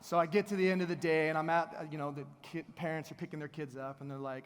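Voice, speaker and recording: High-voiced man in a reverberant hall. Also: fast, smooth. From Texas. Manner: energetic, playful storyteller with audience asides. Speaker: keynote speaker. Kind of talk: motivational keynote storytelling. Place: large event hall. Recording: long reverb of a large hall.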